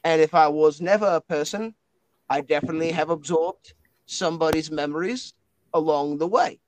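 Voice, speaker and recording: A man playing a male spirit bound inside a talking book, speaking. He stammers, restarts and says mate constantly. The voice sits a little high, and the recording is close and dry. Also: steady tone, normal speed, no room sound, lightly acted, poor audio. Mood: uncertain. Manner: hesitant, stammering, calls everyone mate.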